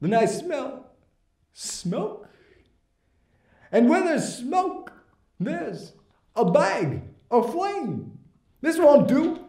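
A man's voice: very high-pitched, sing-song, very slow, pauses often, warm tone, reverberant, heavily acted. A man doing an odd-rhythm dramatic poetry voice. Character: theatrical man doing a famous actor's voice. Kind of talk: comic poetry reading.

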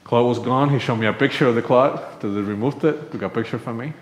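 A man's voice: mid-range voice, fast. Conversational male preacher in echoey church. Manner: conversational, acts out quoted dialogue. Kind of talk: sermon with personal storytelling. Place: church sanctuary.

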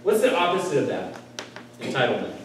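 A man's voice: medium pitch, very animated, brisk, slight background noise. A male pastor preaching a sermon in a conversational way, tossing out rhetorical questions and checking in with "right?". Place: church sanctuary. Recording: echoey room heard from a distance.

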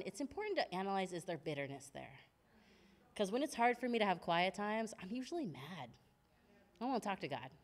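Lively woman preaching in a church hall. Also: medium pitch. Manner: animated storytelling, acts out her own past words, laughs often. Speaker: speaker at a women's midweek church service. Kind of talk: personal testimony sermon.

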